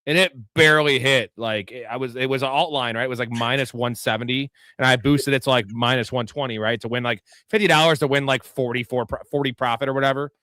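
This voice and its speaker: A chatty man hosts a live sports stream in a bright, crisp voice. He talks through bets and greets the chat with casual swearing. The sound is dry and close. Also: medium pitch, steady tone, quick pace, hardly any pauses, no room sound. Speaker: host.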